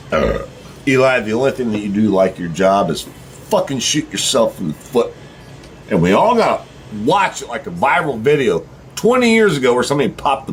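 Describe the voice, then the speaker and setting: A man's voice: medium pitch, a little hiss or hum. A middle-aged man with a drawl delivering a blunt, profane ranting monologue to his viewers. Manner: blunt, heated, swearing freely. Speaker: vlogger.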